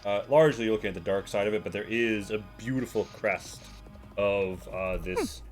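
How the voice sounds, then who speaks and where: A man runs a tabletop game as game master and describes the scenes to the players. He rambles and fills gaps with ums. His voice sits low, with faint music behind. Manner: rambling, many fillers.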